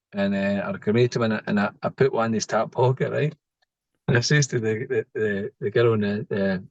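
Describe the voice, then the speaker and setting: A middle-aged Scottish man speaks as a podcast guest, spinning out a personal story in loose, rambling sentences. He keeps checking in with the listener with a quick "right?" The recording is close and dry, with no room sound. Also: medium pitch, no room sound, dull audio. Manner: rambling, tags lines with "right?". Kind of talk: casual storytelling.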